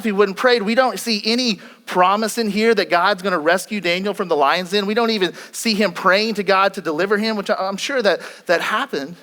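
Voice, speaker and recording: A man's voice: sits high, a bit bright. A male pastor preaching a sermon, retelling a scripture story earnestly, with frequent repetitions and restarts.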